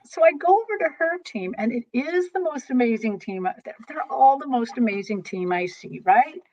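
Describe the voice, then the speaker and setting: A woman guest telling long, animated stories about readings, rambling and restarting as she goes. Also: sits high, normal speed. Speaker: guest, tarot reader. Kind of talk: storytelling interview chat. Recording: dull lo-fi recording.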